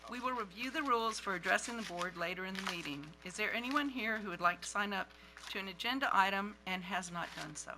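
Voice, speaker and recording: A man's voice: high-pitched, brisk, over music, rough recording. A man chairing a school board meeting, reading its rules aloud in a formal, procedural way.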